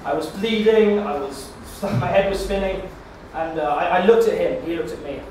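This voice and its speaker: A man doing a stand-up set, telling a rambling story in a deadpan way with stammered restarts. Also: sits high, normal speed, a little hiss or hum. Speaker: stand-up comedian. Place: comedy club stage. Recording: echoey club from far off.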